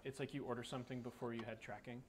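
A man's voice: medium pitch, little pitch movement, rapid-fire, very noisy. Man teaching a casual Bible study. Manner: conversational, folksy, uses everyday analogies. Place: group room with a recording.

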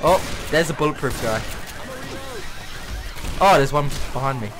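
A man's voice: on the high side, lively intonation, a little slow. A man chatting in a laid-back, wry way, chuckling while playing a co-op game over a headset. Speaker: gamer. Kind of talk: casual co-op gaming chat.

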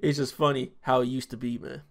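A man's voice: mid-range voice, little pitch movement, a little fast. A man giving a loose, chatty reaction commentary as a YouTuber, laughing often as he talks.

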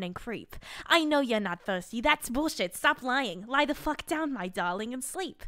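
An exasperated grown woman reads a bedtime story aloud, as a streamer puts her on, loud and mock-stern. The voice is bright and crisp. It sits a little high. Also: dry recording, studio quality. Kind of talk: comic bedtime story reading.

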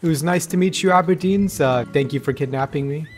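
An excitable man narrating his own gameplay in a fairly high voice. He laughs and blurts out reactions constantly, switching between panic and amusement as a let's play host. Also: fairly quick, over music. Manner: excitable, frequent laughs and exclamations. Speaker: gaming YouTuber.

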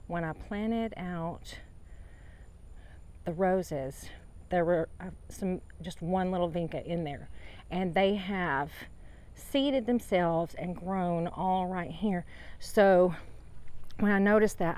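Woman, lower-pitched voice, rambling garden tour, outdoors, phone camera. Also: slow pace, pauses often, a little mellow. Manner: rambling, chatty, with heartfelt faith reflections. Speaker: home gardener. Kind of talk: casual garden tour vlog. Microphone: handheld phone camera.

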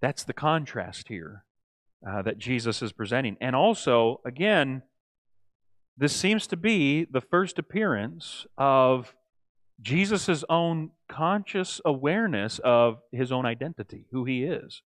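A man teaching a church Bible study in a lively, conversational way, often acting out quoted lines and checking in with the group. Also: mid-range voice, a little slow, no echo, clean studio sound. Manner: animated, acts out quoted lines, asks the group "right?".

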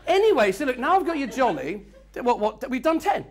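A man's voice: very high voice, big pitch swings, a little fast. A man leading a live networking workshop, cheeky and joking, teasing his audience in a meeting room. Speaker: workshop speaker.

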